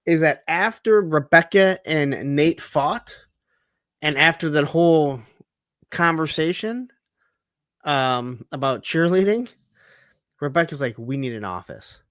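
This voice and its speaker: A man's voice: a little high, lively intonation, slow, pauses often, a bit bright, no room sound. A man co-hosting a casual TV recap, talking in a reflective, chatty way with frequent "like"s. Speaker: podcast co-host.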